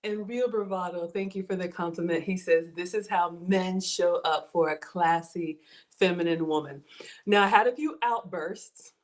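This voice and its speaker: Excitable woman, middle-aged, casual livestream cooking host, reads viewer comments aloud. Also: lowish voice, normal speed.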